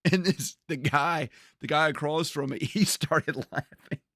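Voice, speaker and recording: A man's voice: on the high side, measured pace, fairly bright tone, no room sound, studio quality. A man streaming a game, chatting casually and telling funny stories he often laughs through. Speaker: gaming streamer. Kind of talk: casual storytelling while playing a game.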